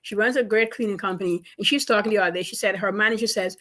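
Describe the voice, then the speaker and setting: A woman business coach giving advice in an interview, animated and emphatic, repeating her points for stress. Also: medium pitch, very fast.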